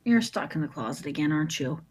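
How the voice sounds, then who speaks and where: An improv performer playing a fussy mother who pries with rapid questions. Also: sits low, lively intonation. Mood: prying. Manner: prying, rapid-fire questions. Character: prying, fussy mother questioning her son. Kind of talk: live improv comedy.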